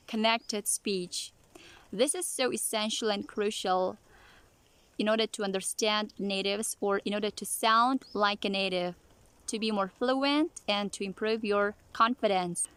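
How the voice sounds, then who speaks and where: A woman teaching pronunciation, repeating example words slowly and deliberately. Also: medium pitch, fairly bright tone, clean tone, no echo. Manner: slow and deliberate, drawing out each example word.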